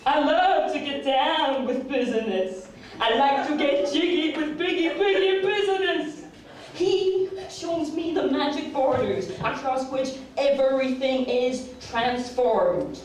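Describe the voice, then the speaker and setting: A woman's voice: sits high, slow pace, slight background noise. A woman doing a boastful Texan gangster president. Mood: swaggering. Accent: fake Texan. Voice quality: boastful, rhythmic, rhyming swagger. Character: swaggering male gangster-rapper president, Texan. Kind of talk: performance poetry, rapped and chanted. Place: large echoey live arts venue. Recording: very echoey hall, distant mic.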